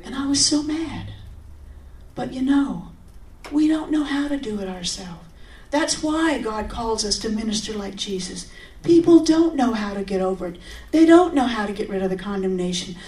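A woman shares her testimony in a sermon, talking earnestly and conversationally. Her voice sits slightly high and jumps into animated bursts of emphasis. She is picked up from some distance, with a roomy echo around her. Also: normal speed. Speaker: speaker giving a testimony.

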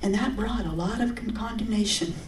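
A woman giving a personal testimony in a sermon, earnest and conversational with sudden animated outbursts. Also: medium pitch, fairly quick. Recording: roomy, from a distance.

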